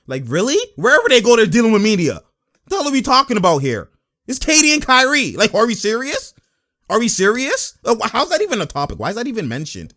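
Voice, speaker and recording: Man vlogger, fired-up sports rant, high voice that swings wildly, lots of "man" and "yo". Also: big pitch swings, fast talker, pushed and bright. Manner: heated, emphatic, rhetorical questions, slangy. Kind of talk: casual basketball rant to camera.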